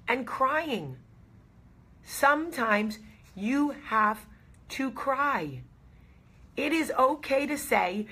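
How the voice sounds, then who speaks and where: Woman, host, casual talk, husky voice, emphatic, repeats phrases, earnest and reassuring. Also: fairly high pitch, fairly bright tone.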